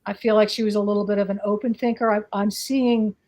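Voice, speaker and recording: A woman from the northeastern United States chats casually as a guest, a psychic by trade. Her mid-range, darkish voice moves fast and stays level, and she rambles hesitantly with plenty of fillers.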